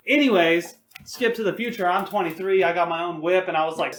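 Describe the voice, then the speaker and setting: A man's voice: sits high, quick pace, hardly any pauses, a bit bright, roomy sound, slight background noise. A young man in his twenties, co-hosting a podcast and telling profane, laughing stories in a loose, casual way. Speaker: podcast co-host. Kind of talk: casual storytelling.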